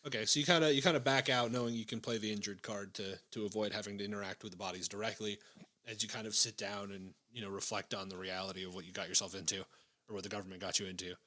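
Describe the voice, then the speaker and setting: Male game master, lowish pitch, forceful bright tone, descriptive measured narration with fillers. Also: fairly even intonation. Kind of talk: narrating a tabletop war role-play.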